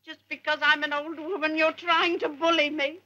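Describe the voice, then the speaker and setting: A woman's voice: high voice, little pitch movement, moderate pace, pushed and bright, lo-fi sound, a little hiss or hum. A woman playing a fussy, doting old nanny in a 1950s British film, scolding grown men in baby talk. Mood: scolding, coaxing. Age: older. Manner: baby-talking, scolding like to a child.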